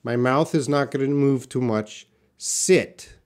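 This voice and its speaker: A man's voice: mid-range voice, steady tone, normal speed, a little mellow. A man teaching a live online English pronunciation lesson, stretching out example words and chatting casually with viewers.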